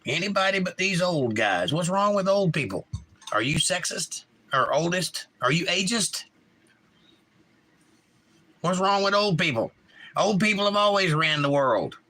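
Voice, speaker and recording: A man's voice: high voice, expressive, unhurried, long pauses, bright, forceful tone. A man hosting a casual live stream, giving blunt opinions and answering viewers' chat messages. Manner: opinionated, reads chat aloud and talks back. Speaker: livestream host.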